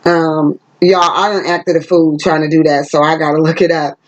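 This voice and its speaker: A woman's voice: low-pitched, flat delivery, moderate pace, lo-fi sound. A woman giving a casual, chatty tarot reading to her viewers, talking emphatically straight to the camera. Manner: chatty and emphatic, sings snippets of songs. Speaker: tarot reader. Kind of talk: casual spiritual reading vlog. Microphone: camera she set up herself.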